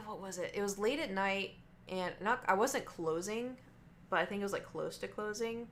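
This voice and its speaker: A woman's voice: medium pitch, moderate pace, a little hiss or hum. A young woman streamer rambling through work stories in a chatty way, full of "like" and restarts. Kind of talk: casual storytelling.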